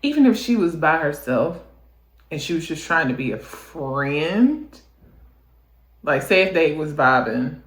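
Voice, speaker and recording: Man, reaction host, incredulous commentary, fairly high voice, echoey room. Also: sing-song, a little slow, fairly bright tone. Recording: roomy echo.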